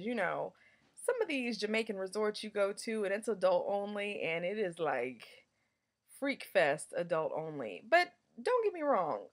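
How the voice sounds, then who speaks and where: A woman's voice: mid-range voice, a bit bright. A woman giving a casual vlog review as a travel reviewer, chatty, candid and playful, with frequent fillers.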